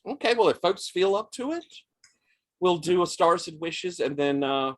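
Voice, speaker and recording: A man running a tabletop roleplaying game as game master, narrating scenes in a measured, descriptive way. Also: sits high, animated, no room sound.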